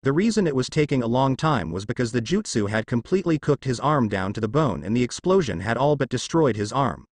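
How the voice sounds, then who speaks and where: A man narrates a fanfiction audiobook in steady reading, his pitch moving in a lively way. The sound is dry and close, with no room around it. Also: a little fast, hardly any pauses, no echo.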